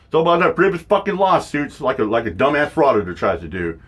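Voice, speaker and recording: A man's voice: sing-song, fast talker, fairly bright tone, slightly rough. A man hosting a stream, ranting in a profane, mocking, casual way. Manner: mocking, mimics others in high voices. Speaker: streamer host.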